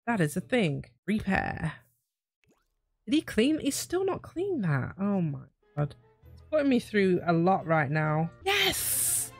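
A woman giving chatty, excitable let's play commentary, talking to her game characters and to viewers. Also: medium pitch, no echo. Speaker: gaming YouTuber.

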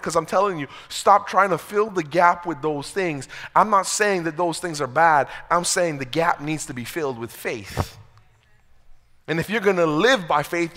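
A man with a high, light voice preaches a sermon in a large church with a long, ringing reverb. His delivery is conversational, full of fillers. It swings from loud, pleading peaks to near-whispered scripture. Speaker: pastor.

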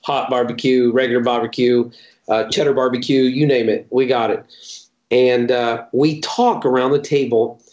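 A man's voice: mid-range voice, steady tone, moderate pace, a little mellow, dull audio. Man telling stories in a roomy space. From Chattanooga, Tennessee, USA. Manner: folksy, chatty, often restarting phrases. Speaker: missionary. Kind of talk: casual interview storytelling. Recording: roomy echo.

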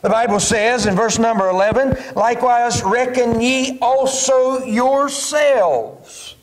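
A man, preaching a Sunday school lesson as pastor and slowing to read scripture aloud. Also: very high voice, poor audio.

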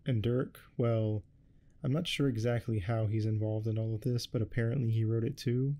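Composed middle-aged lady author, voiced by a man, soft ASMR storybook read, low and even. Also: normal speed, lightly acted. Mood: matter-of-fact. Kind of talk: soft-spoken ASMR reading.

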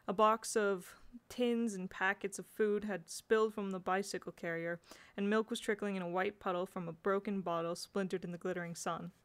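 Female narrator, casual storybook reading, mid pitch, slips now and then. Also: steady tone, normal speed, clear, resonant tone. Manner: unpolished, occasional slips and restarts. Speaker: audiobook reader.

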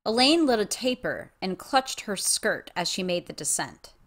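A woman narrating a fantasy chapter in a slow, expressive way. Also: mid-range voice. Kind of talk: fan audiobook reading.

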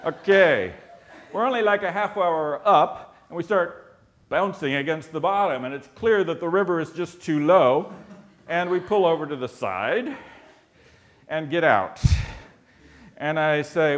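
A wry American man tells a comic story to a live audience in an animated, expressive way. His voice sits a little high for a man, and he stretches some words for comic timing. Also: unhurried. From United States. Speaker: ecologist telling a story on stage.

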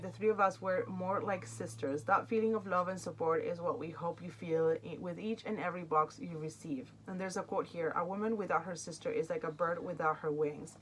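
A woman's voice: fairly low pitch, slight background noise. A woman, chatting emotionally while unboxing and reading product cards aloud. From Argentina. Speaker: unboxing vlogger. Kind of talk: casual unboxing chat.

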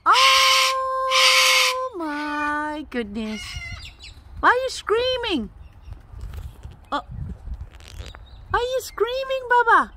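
A woman talking to her pet bird in high, sing-song baby talk, coaxing and scolding it at home. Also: very animated, drawn-out words, pauses often, background noise. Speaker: pet owner.

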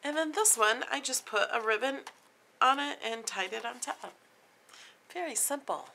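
A woman's voice: on the high side, normal speed, gravelly, pushed and bright, a little hiss or hum. A woman craft vlogger casually showing off her handmade gift boxes in a chatty, homey way. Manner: chatty, plain and homey, pointing things out. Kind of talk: casual craft show-and-tell.

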